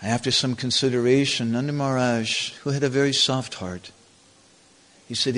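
A man retelling a devotional story as a preacher, deliberate and measured. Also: medium pitch, steady tone, fairly bright tone. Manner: slow, deliberate, chants scripture verses.

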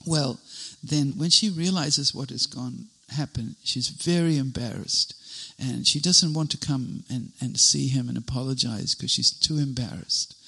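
A man retelling a devotional story in an animated way, linking events with many "and then"s. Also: mid-range voice, unhurried, vocal fry, husky, rough recording.

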